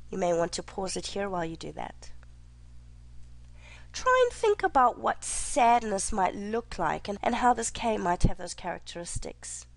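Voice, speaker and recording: A woman teacher giving a recorded lecture, speaking clearly and deliberately and slowing down to stress her examples. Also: medium pitch, no echo.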